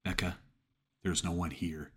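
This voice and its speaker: A man's voice: sits low, flat delivery, a little slow, slightly rough. A man voicing Lydia, a sarcastic college girl. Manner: dry, swears casually. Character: blunt sarcastic young woman, college student.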